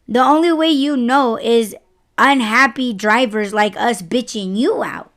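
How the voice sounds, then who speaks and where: Woman podcast host, delivery driver, casual profane rant, smooth clear voice. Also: on the high side, measured pace. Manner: profane, exasperated, animated retelling.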